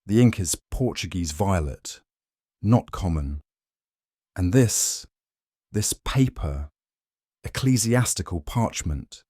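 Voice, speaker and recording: A man giving a measured, even scripted narration of a detective story. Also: low voice, no room sound, studio quality.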